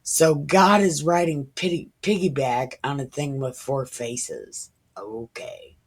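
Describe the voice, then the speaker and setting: With a deep, slightly rough voice and fairly even intonation, a woman in her thirties reads the Bible at a measured pace. She muses on it in a casual, irreverent way, occasionally whispering.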